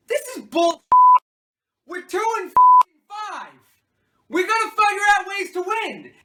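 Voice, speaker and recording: A man voicing a hot-tempered male football head coach at a mock press conference, snapping and shouting defensively at reporters. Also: high-pitched, very noisy, pitched above the performer's own voice.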